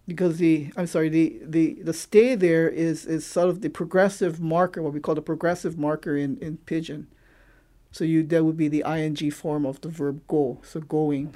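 A man from Hawaii teaches the local creole, explaining its grammar through examples in a thoughtful, halting way and often pausing to find words. His voice is a little high, steady, and warm.

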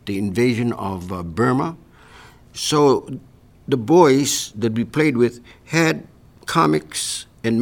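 A man's voice: medium pitch, creaky, darkish tone. An older man from Hawaii, reminiscing in an oral history interview and tagging his points with "see". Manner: reflective storytelling, tags sentences with "see".

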